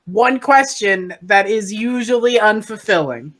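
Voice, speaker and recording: Lively, insistent woman player. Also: mid-range voice, unhurried. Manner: insistent, playful, argumentative. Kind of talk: live-streamed tabletop game chat.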